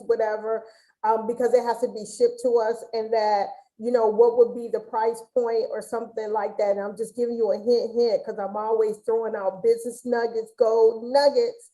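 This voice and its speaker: A woman hosting a casual webinar interview on a video call. Her voice sits a little high with a soft, mellow tone. She talks in a rambling, chatty way, full of restarts. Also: poor audio. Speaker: host.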